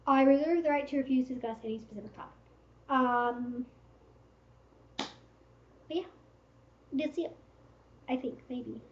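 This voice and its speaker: A woman's voice: sits high, unhurried, long pauses, a little hiss or hum. A woman hosting a casual livestream Q&A, giving frank, direct advice with lots of fillers. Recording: roomy, slightly dull stream audio.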